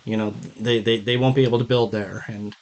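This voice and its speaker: A man's voice: lowish voice, steady tone, a little fast, a little mellow. A young man co-hosting a podcast, giving blunt, wry opinions and movie recaps in casual chat. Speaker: podcast co-host.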